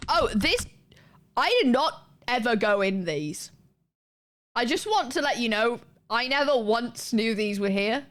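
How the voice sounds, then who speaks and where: A woman's voice: a little high, animated, unhurried, fairly bright tone. A woman streamer chatting casually and laughing as she reacts to clips. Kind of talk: casual live-stream chat.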